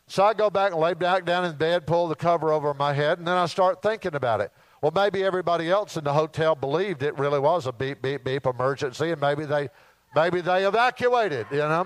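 A man preaching a sermon in a folksy, animated storytelling way, acting out asides and mimicking sounds. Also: on the high side, no room sound, low-quality recording. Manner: mimics alarm beeps and announcements.

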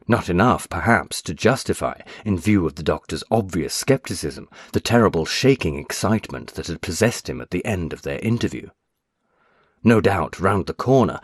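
A man narrating a story in a measured, expressive reading. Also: low voice, breathy edge, no room sound, clean studio sound. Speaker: audiobook narrator.

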